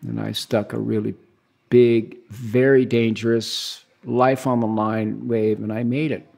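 A man in his sixties from the United States, telling stories as a guest in a relaxed, rambling way and acting out the dialogue he quotes. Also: mid-range voice, unhurried, creaky. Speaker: guest, big-wave surfer. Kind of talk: casual storytelling interview.

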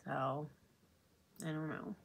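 A woman's voice: sits low, flat delivery, takes it slowly, creaky, husky. A woman beauty vlogger chatting casually while doing her makeup, rambling and confiding as she talks. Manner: rambling and confiding, many fillers like "you know what I mean".

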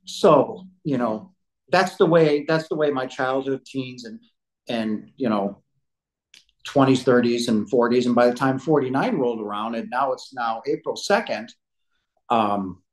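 A man's voice: medium pitch, unhurried, rough recording. A man in his fifties, a podcast guest telling a personal story at home, rambling and often saying "you know". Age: 50s. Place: living room couch at home.

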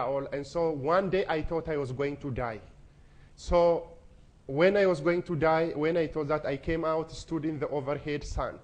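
A man's voice: a little high, darkish tone. A young man from Ethiopia, giving an earnest, emotional personal testimony to an audience. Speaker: speaker.

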